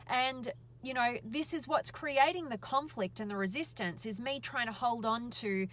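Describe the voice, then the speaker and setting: A woman, a life coach, chats into her phone from a parked car. Her voice sits a little high. She tells her story in a loose, rambling way, full of fillers and restarts. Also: normal speed, a bit bright. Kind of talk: casual Facebook Live storytelling. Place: inside a parked car by the road.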